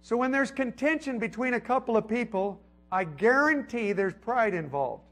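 A high-pitched man delivers a folksy sermon. His voice ranges widely, rising to loud emphatic peaks and sinking to hushed asides. He sounds middle-aged and talks to the congregation like a friend. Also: lively intonation, moderate pace, faint music behind. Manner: conversational preaching with emphatic swells and soft drops. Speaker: preacher.

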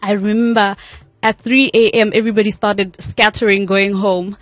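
A woman's voice: mid-range voice, little pitch movement, normal speed, no echo, soft background music. A South African woman speaking candidly as a guest on a radio interview, laughing often. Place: radio studio.

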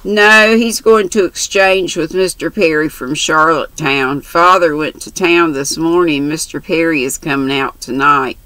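A woman's voice: deep voice, a little slow, few pauses, pushed and bright, no room sound, rough recording. A woman voicing an earnest, outspoken young minister's daughter.

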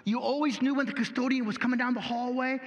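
A man preaching a sermon as pastor, folksy and animated, asking rhetorical questions. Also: very high-pitched, fast talker, in a large hall, dull audio.

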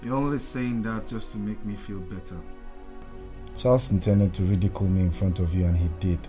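Man playing a deep-voiced, hurt young man. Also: fairly even intonation, brisk, warm tone, faint music behind, close to an everyday voice. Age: young adult. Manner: hurt, withdrawn. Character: humiliated young man wanting to be left alone. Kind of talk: Nollywood film acting.

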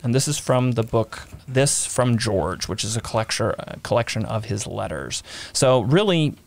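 A man hosting a relaxed history podcast, with a voice of ordinary pitch in a dry, close sound. He reads letter quotes aloud and laughs easily with his co-host. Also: normal speed, vocal fry, dry recording. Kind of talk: casual history podcast chat.

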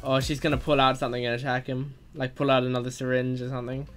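A man reading a text story aloud and reacting excitedly as it unfolds, gasping and exclaiming at every twist. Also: medium pitch, quick pace, faint music behind. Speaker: gaming video host.

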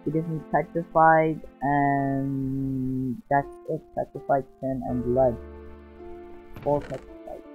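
An excitable man chats his way through a gameplay session, rambling and gushing as he goes. His voice sits at an ordinary middle pitch, and the lo-fi recording sounds dull and muffled, with faint music playing underneath. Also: takes it slowly. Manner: excitable and rambling, often exclaiming. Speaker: gaming channel host. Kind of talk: casual gameplay commentary. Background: faint background music.

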